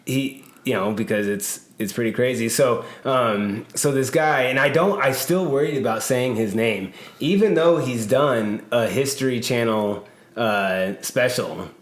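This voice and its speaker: An unhurried man with a mid-range voice hosts a casual podcast, spinning a long story packed with fillers and laughter as he rambles along. He's a podcast host and personal trainer, recording in a gym or studio room with an echoey sound.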